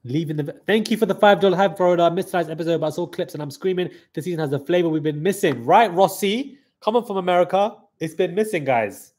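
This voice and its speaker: A young man with a husky, somewhat high voice chats excitedly to his live stream audience. He hypes things up and keeps calling out to the viewers. His nose sounds a little stuffy. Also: very fast, few pauses. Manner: excitable hype talk, keeps saying "guys". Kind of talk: live reaction commentary.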